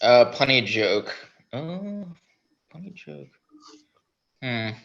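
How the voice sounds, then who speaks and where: A man's voice: medium pitch, very animated, very slow, creaky, a bit bright. A man joining a casual film review talk as a guest, telling jokes in a playful way. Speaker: guest panelist. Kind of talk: casual chat. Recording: dull lo-fi audio.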